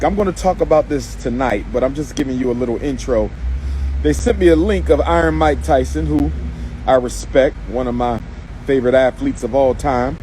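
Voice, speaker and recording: A man's voice: medium pitch, mellow, a little hiss or hum, rough recording. A man giving a direct-to-camera rebuttal to his critics, speaking emphatically and preachily, repeating phrases and calling the listener "brother.". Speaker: commentator answering critics.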